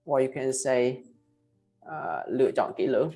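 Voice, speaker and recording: A male English teacher with a Vietnamese accent leads an online class. He models each word slowly and tags most phrases with "right?" or "huh?". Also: mid-range voice, lively intonation, creaky, mellow, faint music behind. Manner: ends phrases with tag questions "right?" and "huh?"; slow, emphatic model pronunciations. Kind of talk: online class, pronunciation drilling.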